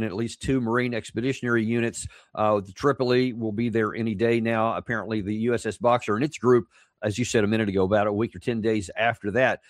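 A man hosting an interview, halting and restarting as he thinks aloud. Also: mid-range voice, no room sound. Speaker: host.

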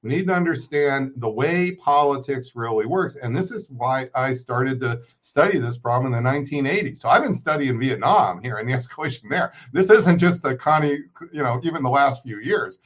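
A man's voice: mid-range voice, animated, normal speed, few pauses, a bit bright. A man, a political scientist, giving emphatic lecturing analysis in an interview, dropping his voice on grave points. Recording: muffled remote audio.

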